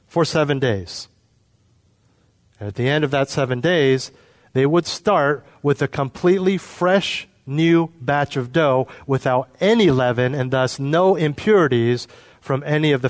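A man preaching a sermon, explaining with everyday examples and putting questions to his listeners. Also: on the high side. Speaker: pastor.

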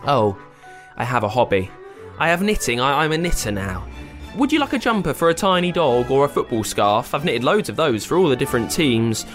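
A breezy young storybook princess, offhand and quick to brush people off, played by a man in a raised voice. Her lines bounce around in pitch. Faint music plays beneath. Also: sing-song, fairly bright tone. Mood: chirpy.

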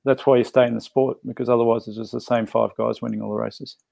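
Male guest, gravelly, dry close sound, thoughtful rambling chat. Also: medium pitch, flat delivery, fast talker, dark tone, no room sound. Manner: reflective, thinks aloud with restarts. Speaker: podcast guest, former pro cyclist. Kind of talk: casual chat.

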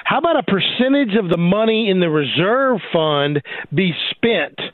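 A man speaking as a legal expert co-host on talk radio, animated and laughing often. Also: high voice, moderate pace, dry recording. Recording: dry, phone-like talk radio sound.

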